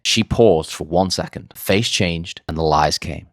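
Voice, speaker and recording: A man's voice: low voice, a little slow, a bit bright, dry recording, studio quality. A young man speaking as a dating coach, telling his own story straight to the camera in a blunt way, swearing freely. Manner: blunt, swears freely, addresses viewers directly. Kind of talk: candid talking-head monologue.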